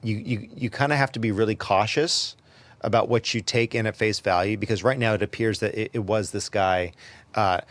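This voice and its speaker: A man's voice: fairly low pitch, fairly even intonation, a little fast, no echo. Guy hosting a podcast, opinionated, trips over his words a lot, dry close mic. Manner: opinionated, stammers into repeated words. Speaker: podcast host. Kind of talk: casual opinion commentary.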